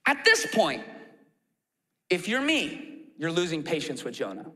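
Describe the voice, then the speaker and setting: A man preaching a sermon as a pastor, animated and acting out quoted complaints in a raised voice. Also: on the high side, measured pace, long reverb tail. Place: church auditorium.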